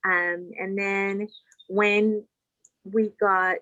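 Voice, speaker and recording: Halting woman on a dull, dry line. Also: medium pitch, level tone, sharp tone, no echo. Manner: halting, emotional, many restarts. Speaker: workshop participant. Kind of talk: personal sharing.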